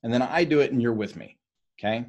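East Coast-raised male study leader, husky voice, rapid and conversational. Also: medium pitch, darkish tone, muffled recording. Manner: fast-talking, keeps checking in with "right?". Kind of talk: casual teaching on a leadership book.

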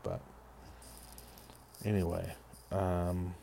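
Male podcast host, deep gravelly voice, unhurried, rambling, swears casually, deadpan self-mocking humor. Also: slight background noise. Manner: rambling, halting, profane. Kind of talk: casual solo podcast monologue.

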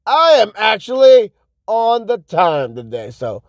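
A man's voice: high voice, big pitch swings, a little slow, no echo. A man vlogging from his car in a rambling, profane, frustrated rant about his videos. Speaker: social media creator. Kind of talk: casual vlog rant while driving. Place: in a car on the road. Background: faint car noise.

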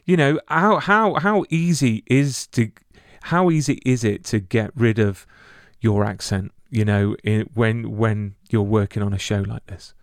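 A man's voice: lowish voice, a little slow, hardly any pauses, no echo, studio quality. A man hosting an interview, asking questions while often stumbling and repeating words. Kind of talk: casual interview chat.

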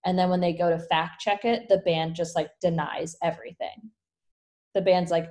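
A woman with a slightly lower-than-usual voice chats casually and spins out a long story. She narrates with animated energy and peppers every sentence with "like", as if talking to a friend. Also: normal speed. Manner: animated storyteller, heavy use of "like". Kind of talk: casual chat retelling a film plot.

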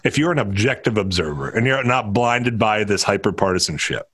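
A man's voice: fairly low pitch, expressive, brisk, fairly bright tone. A man who hosts a talk radio show, discussing politics in a heated, indignant way.

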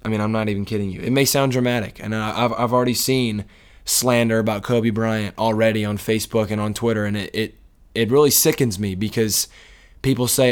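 A man's voice: on the low side, fairly even intonation, fairly quick, clear, resonant tone. A man co-hosting a casual sports talk show, speaking in an emotional, rambling way with many restarts. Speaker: sports podcast co-host.

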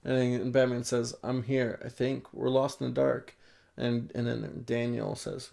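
A man co-hosting a casual chat, reading comic book dialogue aloud in a halting way with frequent restarts. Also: mid-range voice, fairly even intonation, gravelly, mellow. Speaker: podcast co-host.

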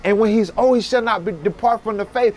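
A man's voice: sits high, brisk. A man hosting a faith podcast as a pastor, fervent and preaching, calling out affirmations. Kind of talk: preaching-style commentary.

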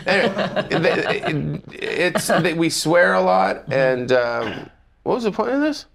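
A man's voice: fairly high pitch, expressive, takes it slowly, gravelly, fairly bright tone. A Canadian man with a Canadian accent, a comedian guest chatting casually, rambling and self-mocking with frequent laughs. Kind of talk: casual podcast chat.

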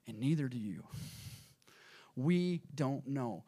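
A man preaching a sermon as pastor, addressing the congregation directly and swinging from hushed asides to loud, emphatic peaks. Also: fairly high pitch, lively intonation, moderate pace. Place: church auditorium.

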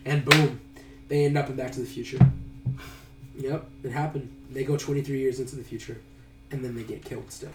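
A man's voice: mid-range voice, fairly even intonation, brisk, pauses often, slight background noise. A man casually recapping a movie plot, rambling and hesitant with lots of fillers. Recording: roomy sound, a bit far from the mic.

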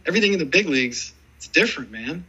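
A man in his forties, a former baseball player, telling rambling, animated stories in a casual interview. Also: on the high side, quick pace, slightly rough, highs cut off. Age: 40s. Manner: rambling, animated storytelling full of "dude" and "man".

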